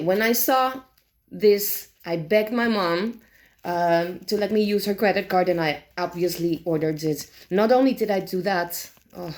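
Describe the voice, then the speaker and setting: A woman with a lowish voice reviews tarot decks in a casual chat, sounding animated and exasperated. She swears freely and talks with lots of fillers and restarts.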